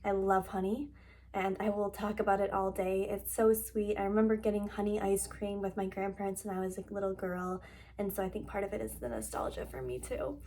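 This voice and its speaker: Young woman vlogger, soft relaxed chatty voice, mid pitch. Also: brisk. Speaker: lifestyle vlogger. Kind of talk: casual vlog talk to camera.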